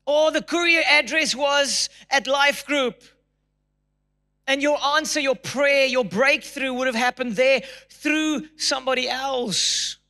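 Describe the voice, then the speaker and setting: A man's voice: extremely high pitch, takes it slowly, bright, forceful tone. A man preaching a sermon to his church congregation, emphatic, and acting out people's prayers in a raised, pleading voice. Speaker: pastor. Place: church auditorium.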